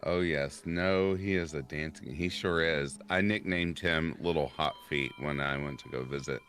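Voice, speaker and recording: A man's voice: rumbling low, normal speed, a bit bright. A man guesting on a casual stream chat who tells stories and laughs often. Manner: chatty storyteller, laughs often. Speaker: podcast guest.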